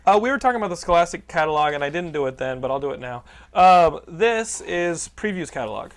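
A man's voice: on the high side, expressive. A man hosting a podcast in casual, joking chat, often profane and teasing. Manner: joking, profane, quick to tease. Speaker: podcast host.

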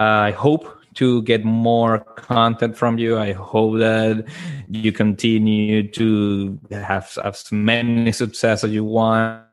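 Earnest low-voiced podcast man. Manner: earnest, enthusiastic. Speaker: podcast co-host. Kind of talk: casual podcast chat.

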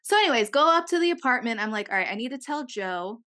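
Young woman podcaster, bright clear voice, bit high, swears a lot, acts out the quotes. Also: fast talker. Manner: animated storytelling, swears freely, acts out quotes. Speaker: podcast co-host. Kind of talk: casual chat.

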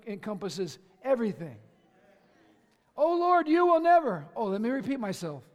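A male pastor preaching a sermon with passion, swinging from shouts to conversational asides with the congregation. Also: extremely high pitch, big pitch swings, normal speed. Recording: long hall reverb.

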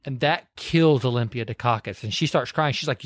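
A man's voice: medium pitch, moderate pace, pauses often, a bit bright, no echo. A man co-hosting a podcast, casually retelling a film's plot and acting out the characters' lines. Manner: chatty, acts out lines in put-on voices. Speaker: podcast co-host.

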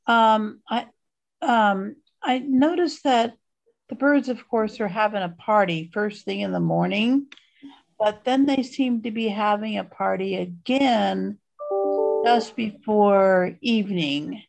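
A woman calling in with a question, hesitant with many pauses and ums. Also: medium pitch, creaky. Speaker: caller. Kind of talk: call-in question.

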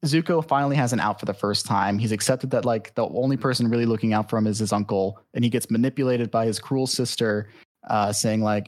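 A man talks casually on a podcast, recapping a show with loose, rambling energy. He swears freely and slips into quick mock voices for the characters. The sound is dry and close with no room echo. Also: lowish voice. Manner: rambling, profane, animated retelling. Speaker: podcast guest.

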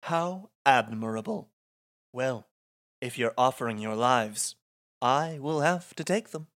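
A podcast host reading aloud the lines of a creepy villainous priest-lord from a game script, in a measured, theatrical way. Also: medium pitch, expressive, fairly bright tone. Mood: menacing.

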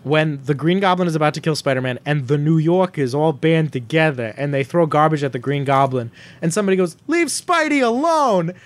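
Male podcast co-host, casual and animated, with a slightly raised pitch. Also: quick pace, few pauses. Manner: animated, quotes movie lines in silly voices. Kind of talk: casual chat.

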